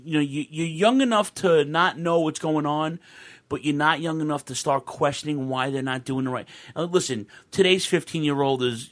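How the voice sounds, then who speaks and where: Excitable rambling man telling a story. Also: mid-range voice. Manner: rambling, restarts often, swears, excitable. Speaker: podcast guest telling a wrestling fan story. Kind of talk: casual storytelling on a video call podcast.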